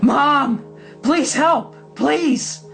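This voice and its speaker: A man's voice: high-pitched, animated, moderate pace, soft background music, pitched above the performer's own voice, poor audio. A man doing a panicked young boy, screaming. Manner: shouting, pleading. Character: frightened young boy, panicked then tearful.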